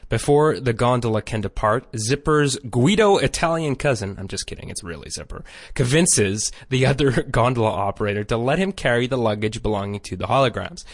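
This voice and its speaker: A man's voice: medium pitch, lively intonation, moderate pace, no room sound, studio quality. A man co-hosting a podcast, recapping a cartoon episode with wry joking asides. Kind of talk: casual recap narration.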